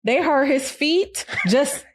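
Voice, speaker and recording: A woman in her thirties co-hosting a podcast in casual chat, earnest and animated, often acting out what others said. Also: high voice, slow. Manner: animated, earnest, quotes others in lively voices. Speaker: podcast co-host.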